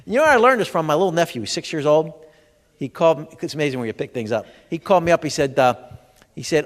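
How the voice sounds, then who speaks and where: This man's voice sits fairly high and moves fast and animated as he fires jokey questions at his audience. It's a stand-up style health seminar in a big expo hall, with long reverb from the live space.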